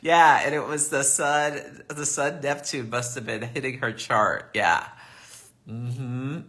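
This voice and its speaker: A man's voice: mid-range voice, slow pace, fairly bright tone. A man hosting a live astrology reading, chatty and affirming as he answers viewer comments. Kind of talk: live-stream reading and chat.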